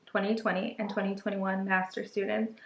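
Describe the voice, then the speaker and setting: A woman's voice: medium pitch, flat delivery, a little fast, a little hiss or hum. Candid young woman, echoey room. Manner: candid, opinionated, chatty. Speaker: podcast co-host. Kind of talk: casual advice chat.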